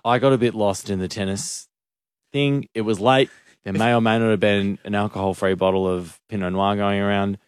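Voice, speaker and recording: Man, very low voice, dry studio sound, self-mocking radio banter. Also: fairly even intonation, moderate pace, clear, resonant tone, no room sound. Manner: self-mocking, rambling with restarts. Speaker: radio host.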